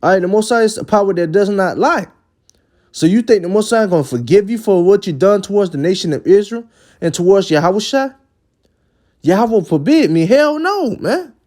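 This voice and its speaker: A man's voice: high voice, a little fast, a little mellow. A man giving a religious lesson in an emphatic preaching style. He often ends phrases with "man" and sometimes stumbles and repeats words. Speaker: religious teacher.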